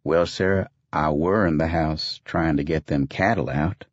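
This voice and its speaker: A man's voice: a bass voice, unhurried, no echo, dull audio, voice pushed down. A man voicing a nervous, evasive rustic ranch foreman with a folksy, ungrammatical drawl.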